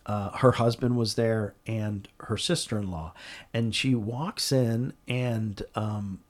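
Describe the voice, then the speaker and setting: A man being interviewed, telling a story in a conversational way, earnest and animated, with frequent restarts. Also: lowish voice, takes it slowly. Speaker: interview guest.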